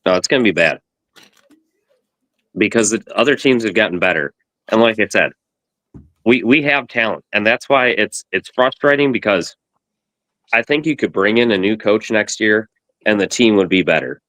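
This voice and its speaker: A man's voice: fairly low pitch, normal speed, long pauses, sharp tone, no echo. A man co-hosting a sports podcast, chatting casually and rambling through analogies. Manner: rambling, uses analogies, many "it's like". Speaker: podcast co-host.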